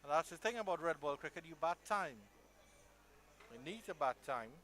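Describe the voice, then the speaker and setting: A male cricket commentator calls the play live with a bright, forceful tone and a voice pitched a touch high. He stays measured between deliveries. When a big shot lands he breaks into loud, excited calls.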